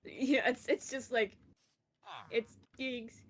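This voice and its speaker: A woman's voice: fairly high pitch, flat delivery, slow pace. A young woman from Canada telling a long rambling story in casual chat while gaming, full of fillers. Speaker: streamer.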